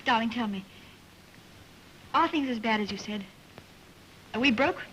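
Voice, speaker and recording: An actress playing an anxious, gently chiding society wife in 1930s film style. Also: female voice, on the high side, expressive, slight background noise, poor audio. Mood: worried. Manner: brisk, worried, gently chiding.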